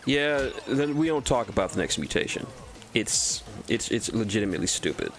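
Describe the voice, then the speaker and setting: A man's voice: lowish voice, sing-song, moderate pace, faint music behind. A man from Texas streaming a game, rambling through cartoon trivia, often stumbling and repeating words and swearing casually. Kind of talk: casual gameplay commentary.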